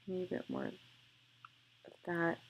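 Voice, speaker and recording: A young woman with a low voice and a lot of vocal fry talks through a photo edit as she works. She chats and gushes over the shots and thinks aloud between clicks. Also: monotone, slow pace, dull audio, slight background noise. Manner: chatty, gushing, thinks aloud while clicking. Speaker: photographer demonstrating photo editing. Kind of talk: casual screen-recorded tutorial.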